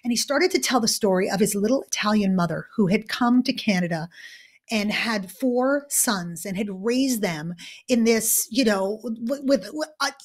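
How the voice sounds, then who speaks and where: A woman guest and keynote speaker telling a story in an interview, animated and dramatic, swinging between loud and hushed delivery. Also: medium pitch, moderate pace.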